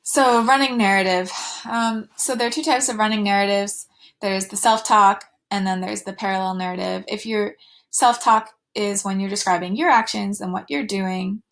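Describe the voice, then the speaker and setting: A woman's voice: mid-range voice, moderate pace, vocal fry. A woman teaching a recorded slide lecture, with fillers and restarts, going sing-song when she models talk to children.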